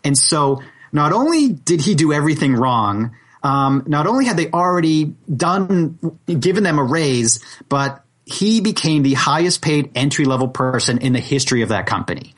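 A man's voice: on the high side, moderate pace. A man, a salary negotiation coach, telling stories as a podcast guest and acting out the quotes. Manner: animated storyteller who acts out quotes. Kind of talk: podcast interview.

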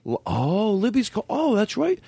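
A man's voice: sits high, normal speed, vocal fry, slightly rough. A man in his fifties hosting a comedy show, joking loosely with frequent hesitations. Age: 50s. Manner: animated, jokey, frequent hesitations. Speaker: comedy podcast host.

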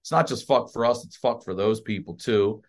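A man, a comedian guest on a podcast, telling a hospital story in a casual, profane, animated way. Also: lowish voice, moderate pace. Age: adult with a child. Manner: animated, profane, acts out other people's voices.

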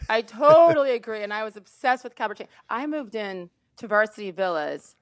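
A woman in her fifties from Indiana, a sportscaster telling a story as a podcast guest, quick and animated, laughing often and restarting her sentences. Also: mid-range voice, no echo. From Indiana, USA.

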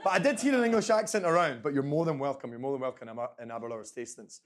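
A man's voice: mid-range voice, very fast. A Scottish man in his twenties presenting a tasting to a live audience, chatty and repeating phrases for emphasis. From Scotland. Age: 20s. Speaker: brand ambassador presenting a tasting. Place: event room with a live audience.

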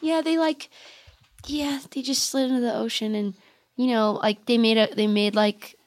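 A homesick young woman astronaut, played by a woman who talks quietly and shakily, rambling with likes. Her voice sits fairly high. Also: steady tone, normal speed, natural voice. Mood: tearful. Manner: soft, trembling, rambling with many likes. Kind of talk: improvised comedy scene.

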